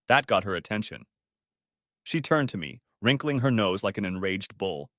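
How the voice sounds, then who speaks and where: A man's voice: on the low side, lively intonation, normal speed, a bit bright, no room sound, studio quality. A man narrating a reflective, emotional first-person audiobook story.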